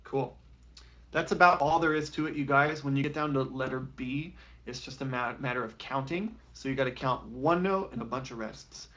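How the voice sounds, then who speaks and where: A man's voice: mid-range voice, moderate pace, a bit bright, muffled recording. A man teaching a live online beginner flute lesson, talking casually and encouragingly with plenty of fillers. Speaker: music teacher.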